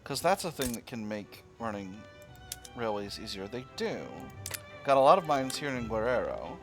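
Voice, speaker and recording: A man's voice: mid-range voice, sing-song, moderate pace, a bit bright, soft background music. A man casually commentating his own strategy gameplay, thinking aloud with fillers and playful asides to himself. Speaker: strategy game let's player.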